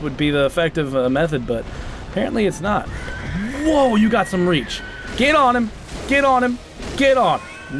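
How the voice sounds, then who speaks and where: A man giving comic let's-play commentary, excitable and self-mocking, trash-talking enemies with sudden shouts. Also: high voice, noisy background. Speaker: gaming channel host.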